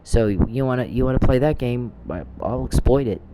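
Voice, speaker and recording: A man's voice: medium pitch, moderate pace, background noise. A man in a rambling, profane recorded rant, accusing people by name and telling a story with quoted back-and-forth.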